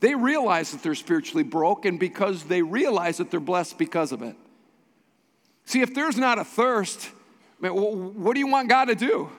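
A man's voice: high-pitched, expressive, moderate pace, a bit bright, in a large hall. A man preaching a sermon as pastor, pressing his points with emphatic repetition. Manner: emphatic preaching with repeated phrases. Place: church sanctuary.

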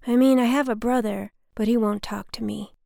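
A woman's voice: a little high, fairly even intonation, fairly quick, creaky, mellow, dry recording, studio quality. A woman voicing a lonely middle-aged man at a bus station, speaking plainly and wistfully.

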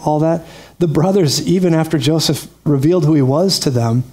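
A male preacher delivering a sermon like a friendly chat. His voice sits a touch high, and he keeps breaking into laughing asides as he tells the story. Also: a little fast, dark tone.

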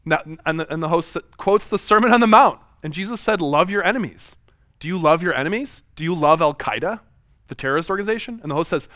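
A man in his thirties giving a classroom lecture, his voice sitting a little high for a man. He reads passages aloud and acts out quoted exchanges with lively swings, and the sound is dry and close. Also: quick pace, dry recording. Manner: animated, acts out quoted dialogue.

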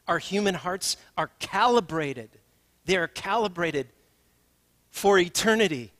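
A man's voice: on the high side, fairly bright tone. A male pastor preaching a conversational sermon, building to emphatic questions.

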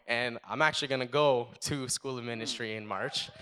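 A young man from the United States sharing a personal faith testimony, earnest and halting with many fillers. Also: mid-range voice, pushed and bright, smooth. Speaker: testimony speaker.

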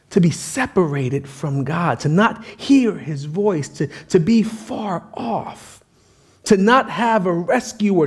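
High-voiced, animated pastor preaching. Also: male voice, slightly rough. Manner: casual, conversational, frequent "right?" and restarts. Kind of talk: sermon.

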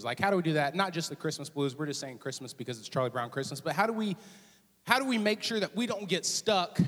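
A young man preaches in a relaxed, joking way and keeps dropping into little voiced asides. His voice sits fairly high for a man. It rings with long reverb through a church auditorium. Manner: casual, joking, animated storytelling with voiced asides. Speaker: student ministries director preaching. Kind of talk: sermon.

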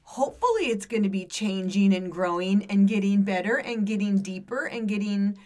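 A woman's voice: mid-range voice, normal speed, darkish tone. A middle-aged woman in casual chat, candid and loose, often chiming in with agreement.

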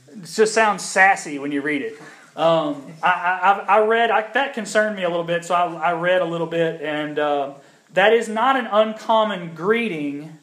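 A man's voice: high-pitched, normal speed, a bit bright. A young pastor from the United States delivers a sermon in a raised, light voice. He talks conversationally, stumbling over restarts and fillers, then pushes harder as his points build. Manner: conversational, with frequent ums and restarts; builds in intensity at key points.

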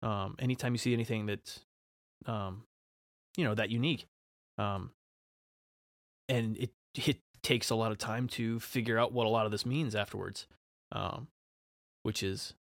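A man's voice: on the low side, steady tone, normal speed, long pauses, dry recording, clean studio sound. A man co-hosting a podcast, talking thoughtfully with many hesitations and ums. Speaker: podcast co-host. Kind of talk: casual podcast chat.

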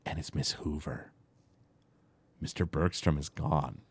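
A man co-hosting a casual podcast, retelling cartoon scenes with lots of fillers and quick impressions. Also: very deep voice, slightly rough, no echo. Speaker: podcast co-host. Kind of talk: casual chat recapping a cartoon episode.

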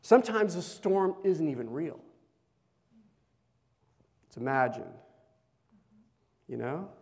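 A man with a high voice preaching at an unhurried pace. His sermon is chatty and full of questions to the congregation. The sound has the long reverb of a large hall. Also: very animated, creaky, darkish tone, husky. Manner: conversational, asks the congregation questions. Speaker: pastor.

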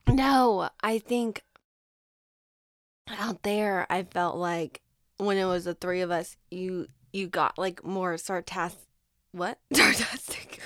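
A woman's voice: on the low side, steady tone, slow, dry recording, studio quality. A young adult woman co-hosting a casual podcast chat, laughing and crying through her words. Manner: laughing and crying at once, emotional. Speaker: podcast co-host.

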